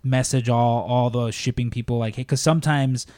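A man's voice: medium pitch, steady tone, normal speed, dark tone, no echo. Dry-sounding man telling workplace stories. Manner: rambling anecdotes, acts out quotes, swears freely. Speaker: podcast co-host. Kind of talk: casual storytelling chat.

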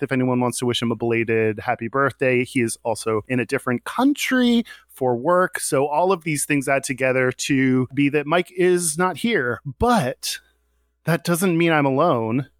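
Man, podcast host, casual chat, slightly high voice, dry close sound, laughs a lot. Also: dry recording. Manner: chatty, laughing, with frequent restarts.

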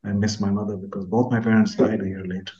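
Earnest older man from India, dark voice. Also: on the low side, little pitch movement, fast, muffled recording. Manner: earnest, heartfelt, trails off softly at phrase ends. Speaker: guest author. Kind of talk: reflective personal storytelling.

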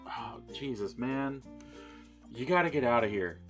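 Blunt, exasperated man with a bright voice. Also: medium pitch, lively intonation, unhurried, soft background music. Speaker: tabletop game player. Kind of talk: in-character tabletop role-play.

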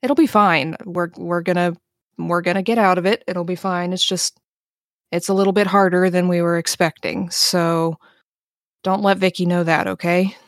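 A woman's voice: fairly low pitch, steady tone, moderate pace, no room sound, clean studio sound, natural voice. A woman voicing a seasoned adult scavenger who is cocky but protective, reassuring family on a call and brushing off worry.

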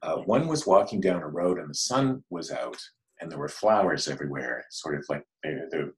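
Man, very low voice, halting, thoughtful, casual recollection. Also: animated, poor audio. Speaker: guest.

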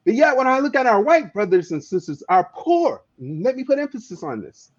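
Here an activist guest recounts a story in conversation with fervor, stressing words and frequently stumbling into repetitions. His voice is high-pitched and sing-song with a breathy edge, and he speaks fairly quickly. Audio quality is dull and lo-fi.

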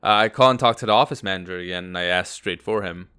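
Bright, clear-voiced man telling a story. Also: sits low, fast talker. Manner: rambling anecdote with acted-out quotes. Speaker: podcast co-host. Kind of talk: casual storytelling.

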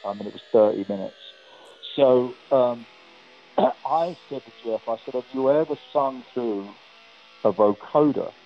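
An older man with an English accent, a guest telling lively anecdotes and acting out the dialogue of the people in them. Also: mid-range voice, measured pace, vocal fry, dull audio, soft background music. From England. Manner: lively storyteller who acts out quoted dialogue with many restarts. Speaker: guest, record producer and guitarist.

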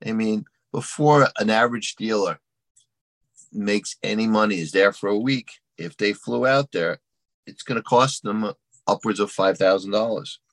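A man's voice: lowish voice, normal speed, a bit bright, dry recording. A man, a guest on an interview show, answering in a plainspoken, matter-of-fact way. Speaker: guest, card dealer. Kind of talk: casual interview chat.

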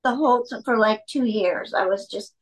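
A woman's voice: a little high, moderate pace, low-quality recording. A middle-aged actress telling rambling anecdotes at home in a casual interview, stopping to talk to her cat.

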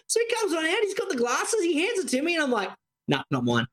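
A man's voice: very high voice, huge pitch swings, quick pace, a bit bright. A young Australian man co-hosting a podcast, telling a story in casual chat and swearing freely. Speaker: podcast co-host.

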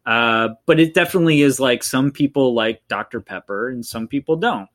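A man's voice: medium pitch, fairly quick, a bit bright. Rambling man chatting about movies. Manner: rambling, heavy with fillers like "like" and "you know". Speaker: podcast co-host. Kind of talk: casual film discussion.

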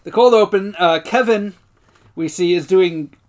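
A man co-hosting a podcast, casually retelling TV episode scenes in quick quoted voices and laughing often. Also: high-pitched. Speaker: podcast co-host. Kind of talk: casual chat recapping TV episodes.

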